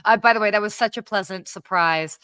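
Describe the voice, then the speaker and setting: A woman's voice: mid-range voice, fairly quick, bright, forceful tone, smooth, dry recording. Bubbly lady co-host chatting from her apartment, dry close sound. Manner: bubbly, exclamatory, many fillers. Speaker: podcast co-host. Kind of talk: casual live-stream chat. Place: home apartment.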